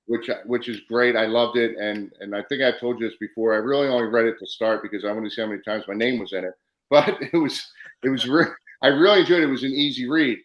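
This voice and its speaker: A man's voice: medium pitch, steady tone, quick pace, reverberant, low-quality recording. A man hosting a casual podcast interview, telling stories animatedly and acting out the exchanges he quotes. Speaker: podcast host, former wrestler.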